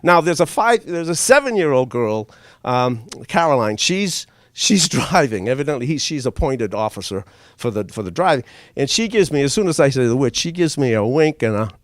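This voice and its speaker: A man's voice: mid-range voice, moderate pace, no room sound. An older man telling a comic story to a live audience, chuckling as he goes. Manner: animated, chuckles through his own story.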